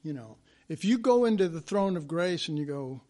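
A man's voice: fairly high pitch, expressive, normal speed, warm tone. A man preaching a sermon in a conversational way, acting out biblical quotes as he goes.

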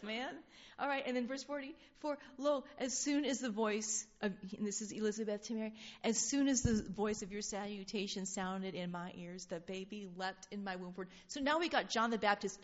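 A woman leading an informal Bible study, reading scripture aloud and talking in an animated, laughing way. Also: mid-range voice. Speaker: Bible teacher. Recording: dull lo-fi sound.

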